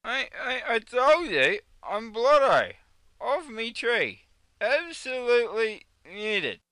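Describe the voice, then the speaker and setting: A man's voice: extremely high pitch, big pitch swings, slow pace, sharp tone, smooth, no echo, pitched above the performer's own voice, exaggerated voice. A man with an Australian accent putting on a drunk bloke who slurs and stammers while turning down a drink. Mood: drunk protesting.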